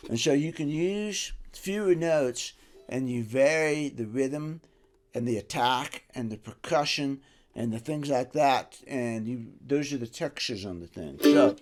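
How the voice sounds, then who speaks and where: A man giving a casual music lesson, animated and rambling, dropping to a soft voice and rising loud again as he explains. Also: medium pitch, measured pace. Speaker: music teacher. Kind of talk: casual instructional talk.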